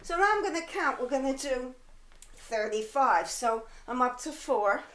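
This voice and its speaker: A woman leading a pilates workout at home, a little out of breath, calmly cueing moves and counting reps. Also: high voice, moderate pace, echoey room, poor audio. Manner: calm counting and cueing while exercising. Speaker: pilates instructor. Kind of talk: guided workout instruction. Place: home apartment.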